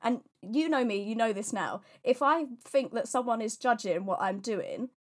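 Young woman, fairly high voice, animated self-deprecating storyteller, casual podcast chat. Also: moderate pace. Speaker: podcast co-host.

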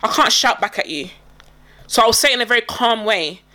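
Bright high-voiced woman, animated. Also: a little fast. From England. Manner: animated storytelling, acts out both sides. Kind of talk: casual chat.

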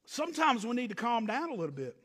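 A man preaching a sermon from the pulpit. His voice is very high and bright. He moves between loud, emphatic preaching and low, hushed asides, and the sound rings with the long reverb of a large church hall. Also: sing-song, fast talker. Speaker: pastor.

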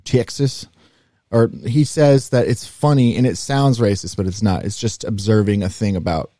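A young man co-hosting a podcast, telling stories in a rambling, animated way. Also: fairly low pitch, moderate pace, no room sound. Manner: rambling, animated storytelling with demo voices. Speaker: podcast co-host. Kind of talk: casual chat.

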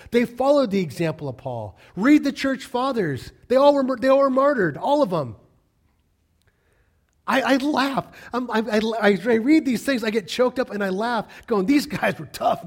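A man's voice: extremely high pitch, big pitch swings, moderate pace. A man preaching a sermon in a conversational way, often asking the congregation questions. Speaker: pastor.

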